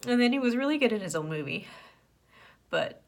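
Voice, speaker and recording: A woman with a somewhat high voice talks in a casual reaction vlog. She is earnest and openly emotional, chatting and laughing as she goes. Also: expressive, a little fast. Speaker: movie reaction vlogger.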